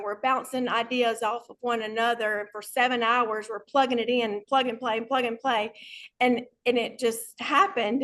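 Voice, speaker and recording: A woman on a video call giving an emotional, excited thank-you, laughing often and trying not to cry. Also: fairly high pitch. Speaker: honored team member.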